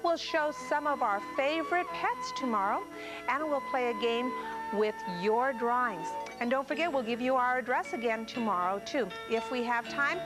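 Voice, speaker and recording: A woman's voice: on the high side, moderate pace, music in the background, poor audio. A woman hosting a children's TV show, talking to young children in a cheerful, encouraging way.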